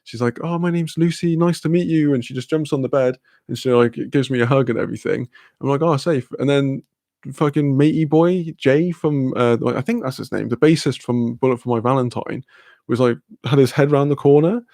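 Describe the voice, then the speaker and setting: Man, young, rambling chatty story, gravelly voice, dry mic. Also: mid-range voice, fairly quick, a little mellow, dry recording. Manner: rambling, sweary, laughing, fillers. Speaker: streamer. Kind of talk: casual storytelling chat.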